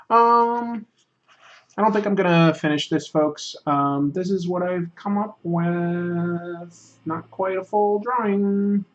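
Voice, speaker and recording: A man's voice: on the high side, dull audio. A man hosting a casual livestream, reading chat aloud and joking about himself while he draws. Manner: reads chat aloud, self-deprecating and joking. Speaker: livestream host.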